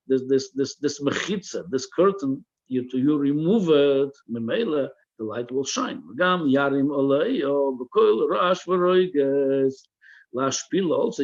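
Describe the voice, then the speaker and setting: A man's voice: mid-range voice, husky, dull audio. A man teaching a religious text class, reading each phrase aloud and translating it line by line, often repeating words while he searches for the right translation. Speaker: Torah teacher.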